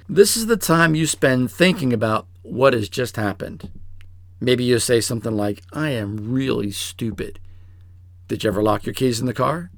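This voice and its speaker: A man with a gravelly, creaky voice preaches in a relaxed, conversational way. He tells stories and jumps into quoted voices. The sound is dry and close. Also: no echo. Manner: storytelling, acts out quoted voices in a high pitch. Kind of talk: sermon-style teaching.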